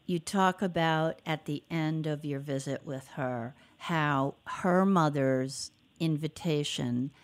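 A woman's voice: sits low, takes it slowly, hardly any pauses. A woman hosting a podcast interview, encouraging her guest with frequent affirming murmurs. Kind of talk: casual interview conversation.

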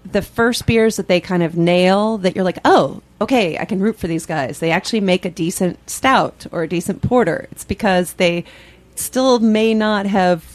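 A woman co-hosting a radio talk show. She speaks in a relaxed, easy conversational way. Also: mid-range voice, normal speed. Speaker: co-host. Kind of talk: casual radio chat.

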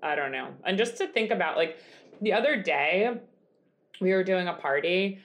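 A woman's voice: on the low side, lively intonation, moderate pace. Tired, foul-mouthed woman podcast host. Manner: laid-back, swears often, lots of "like" fillers. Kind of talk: casual chat.

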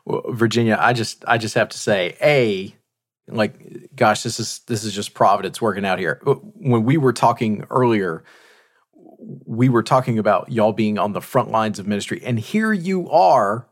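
A man's voice: on the low side, normal speed. Enthusiastic male co-host; effusive, casual delivery. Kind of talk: casual interview chat.

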